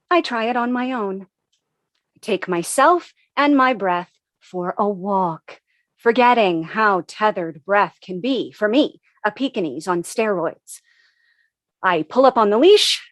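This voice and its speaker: A woman, an actor, reading a comic first-person story with a wry, expressive delivery. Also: medium pitch, no room sound.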